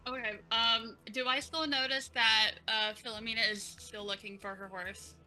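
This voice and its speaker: Woman, tabletop player, quiet, hesitant, bright voice, slightly high pitch. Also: fairly even intonation, normal speed, soft background music, low-quality recording. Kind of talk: playing a tabletop game.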